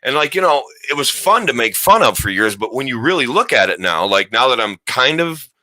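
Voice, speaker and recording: A man's voice: medium pitch, very animated, fairly quick, bright, forceful tone, no echo. A man hosting a casual talk show, rambling and joking, often restarting his sentences. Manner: rambling, self-interrupting, joking. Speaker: podcast host. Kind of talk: casual chat.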